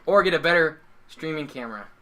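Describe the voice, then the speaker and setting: Lively man thinking aloud while painting. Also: a little high. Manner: thinks aloud about his painting, quick to laugh. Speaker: co-host of a livestream. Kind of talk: casual chat while painting miniatures. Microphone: one shared microphone between two hosts.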